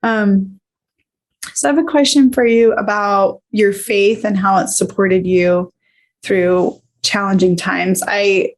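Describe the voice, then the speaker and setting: A woman's voice: medium pitch, fairly even intonation, takes it slowly. A woman hosting a wellness podcast, encouraging and reflective as she interviews her guest. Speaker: podcast host. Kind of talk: conversational interview.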